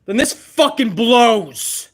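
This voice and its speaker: A man hosting a live reaction stream, ranting with exasperated profanity over what he is watching. His voice is very high, and it sounds bright and forceful. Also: expressive, takes it slowly.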